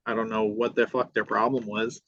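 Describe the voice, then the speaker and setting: A man's voice: on the low side, flat delivery, brisk, a crowd in the background. A man hosting a podcast, telling a personal story in a casual, profane way and acting out what people said. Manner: profane, re-enacts dialogue. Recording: dull lo-fi sound.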